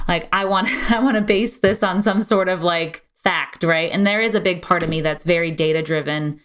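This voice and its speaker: A woman's voice: lowish voice, normal speed. A middle-aged woman, a business owner guesting on a podcast, telling her story frankly and casually with lots of "like" and "you know.". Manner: frank, energetic, many fillers like "like" and "you know".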